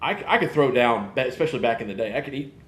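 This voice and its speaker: A man, hosting a casual live podcast and rambling in an animated way. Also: mid-range voice, quick pace, roomy sound, a little hiss or hum. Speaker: podcast host. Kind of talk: casual live-stream chat.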